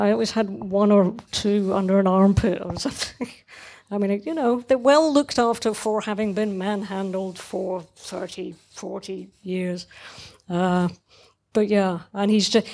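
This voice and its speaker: A woman's voice: medium pitch, darkish tone. A middle-aged woman chatting casually and enthusiastically about cartoons, rambling with many restarts.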